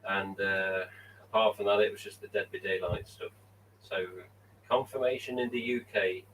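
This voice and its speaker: A man's voice: lowish voice, slight background noise. Chatty man streaming from a distance. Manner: rambling, chatty, swears casually. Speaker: live stream host. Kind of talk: casual live stream chat. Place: room at home with mask collection.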